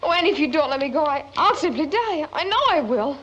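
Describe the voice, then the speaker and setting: A woman's voice: sits high, animated, fast, a bit bright. An actress playing an eager young woman pleading to go to Hollywood, in 1940s film acting, breathless and pleading. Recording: dull old film soundtrack, faint hiss.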